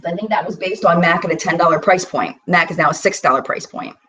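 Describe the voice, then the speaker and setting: A woman hosting a casual live-stream about makeup, talking in a chatty, animated way with bursts of mock disbelief as she swatches products. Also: on the low side, fast talker, distant mic, rough recording. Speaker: beauty vlogger hosting a live chat.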